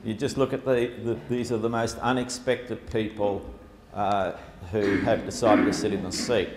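An Australian man gives a chatty, funny slide talk to an audience in a lecture hall, packing in plenty of fillers. His voice is lowish and fairly flat at a normal speed, and the echoey room carries faint background noise.

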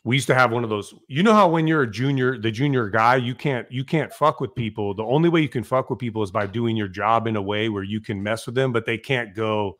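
Animated storytelling firefighter man. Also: mid-range voice, brisk, few pauses. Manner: animated storyteller, swears, acts out quotes loudly. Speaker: podcast guest, fire captain. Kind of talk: casual storytelling.

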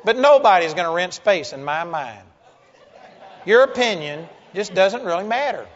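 High-voiced man preaching a folksy sermon. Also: very animated, moderate pace, a faint crowd. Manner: folksy, blunt and joking. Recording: dull lo-fi sound with long hall reverb.

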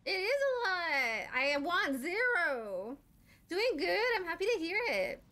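A young woman streaming a game live, chatting with viewers, swearing and shouting at enemies. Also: very high-pitched, takes it slowly. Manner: excitable, swears and screams at enemies. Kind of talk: live gameplay commentary.

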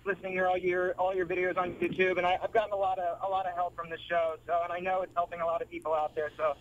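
A man's voice: sits high, level tone, very fast, highs cut off. A man in his twenties calling in to a radio show, eager, grateful and upbeat. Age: 20s. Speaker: caller. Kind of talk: phone-in call.

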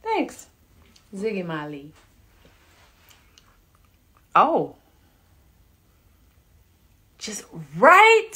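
A woman in her thirties hosting a casual live stream from home on a phone, chatting with viewers and reading out their comments in a relaxed, chatty way. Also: medium pitch, measured pace, long pauses. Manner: relaxed, chatty, laughing asides. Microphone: phone camera.

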